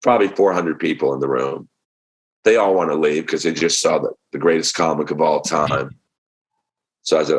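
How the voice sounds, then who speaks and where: Very deep-voiced man telling stories. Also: normal speed, slightly rough. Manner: animated storyteller acting out quotes. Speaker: comedian guest. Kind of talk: casual podcast storytelling.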